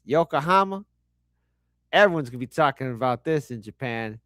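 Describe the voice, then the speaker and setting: A man hosting reaction commentary, animated and sarcastic, swearing often and talking with lots of fillers. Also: mid-range voice, normal speed, no room sound, studio quality. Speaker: commentary host.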